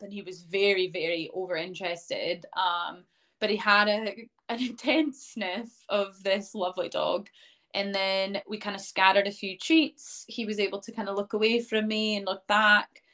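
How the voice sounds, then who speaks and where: A woman's voice: mid-range voice, a bit bright. A young woman guest in an interview, telling her story in a casual, chatty way, full of "um" and "like" and quoting what others said. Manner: chatty, many fillers like "um" and "like", acts out quoted speech. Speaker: interview guest, dog owner.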